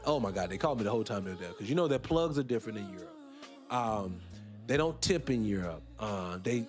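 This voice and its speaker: A man hosting a live show, talking in a rambling, blunt and profane casual monologue. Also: mid-range voice. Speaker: host.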